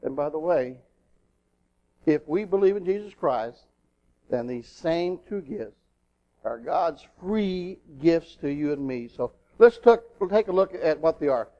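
A middle-aged man preaching a sermon in an animated way, acting out little voices in his asides. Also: fairly high pitch, a little slow, lo-fi sound.

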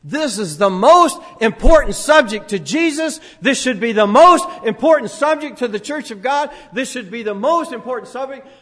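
High-voiced older man preaching in a hall. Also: expressive, moderate pace, few pauses. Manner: swings between loud preaching and quiet asides; sings a few lines of a song. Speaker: pastor. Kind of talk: sermon. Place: church. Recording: long hall reverb.

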